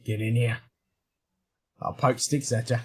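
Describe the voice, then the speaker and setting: A man's voice: mid-range voice, steady tone, measured pace, a little mellow, breathy edge. An Australian man hosting a live whisky chat, telling stories in a blunt, sweary way with frequent laughs. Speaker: host of a whisky show. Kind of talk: casual chat on a live stream.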